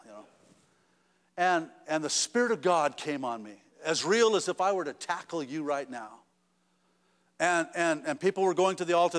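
A man's voice: on the high side, a bit bright, big-room sound. A man preaching a sermon in a church, talking conversationally with restarts and rising to emphatic peaks. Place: church sanctuary.

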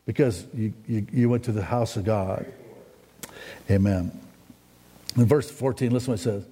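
A man preaching a sermon in a folksy, rambling way, often climbing to excited, emphatic peaks. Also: on the low side, normal speed, a little hiss or hum. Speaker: pastor. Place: church sanctuary. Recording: long hall reverb in a church.

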